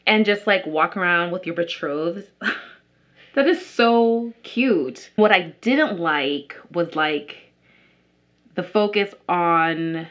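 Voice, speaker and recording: A young beauty vlogger chats casually while doing her makeup, rambling with lots of "likes" and restarts. Her voice is fairly low in pitch and fairly bright, and she takes her time.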